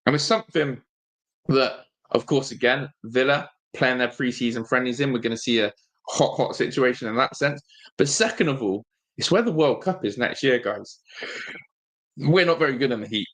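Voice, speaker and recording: A man's voice: medium pitch, normal speed. A man hosting a live fan stream, chatting casually and reading out the chat. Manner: rambling, animated, reads chat aloud. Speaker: fan channel host.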